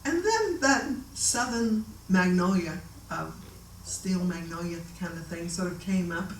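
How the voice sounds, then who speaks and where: A woman telling a story from her own life in a casual, animated way, often laughing and acting out the voices of the people in it. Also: medium pitch, a little slow, hardly any pauses, slight background noise. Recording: echoey room, voice a bit distant.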